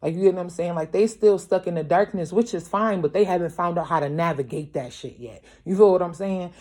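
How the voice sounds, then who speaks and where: A woman with a lowish, brisk voice does an offhand tarot reading at home late at night. She's a mother, somewhere between young adult and middle age, and she talks bluntly with heavy swearing, constantly checking in with viewers by asking "you feel me." She's emphatic and gets louder as she works herself up.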